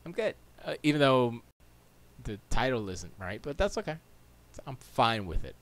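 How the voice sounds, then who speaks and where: A man's voice: medium pitch, very animated, moderate pace, fairly bright tone. A man streaming from his home studio, rambling to himself in casual chatter while setting up. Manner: rambling, talks to himself, mutters and jokes.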